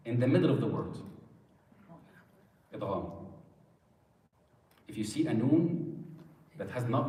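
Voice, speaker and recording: Man teaching a recitation class, heard from far off in a big echoing hall, even mid-range pitch. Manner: patient, asks students questions. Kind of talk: classroom lesson. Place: mosque hall. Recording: echoey hall, mic far off.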